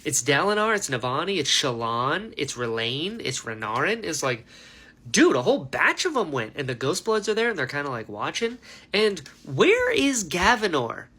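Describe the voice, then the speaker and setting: Animated man ranting about a book. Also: on the high side, normal speed, husky. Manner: animated, filler-heavy ranting. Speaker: book reviewer. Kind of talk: casual book reaction monologue.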